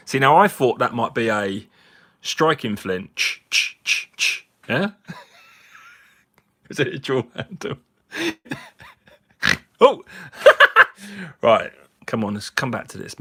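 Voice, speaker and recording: A man's voice: medium pitch, sing-song, slow, long pauses, a bit bright. A man, slightly drunk, hosting a casual live chat with viewers, jokey and chatty and laughing often. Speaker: livestream host. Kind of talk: casual live chat while cleaning finds.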